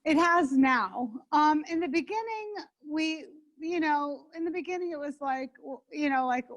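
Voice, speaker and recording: A woman's voice: high voice, normal speed, few pauses. A middle-aged woman chef chatting in an interview, rambling with many restarts. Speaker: interview guest, home chef. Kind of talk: casual interview chat. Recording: dull lo-fi sound.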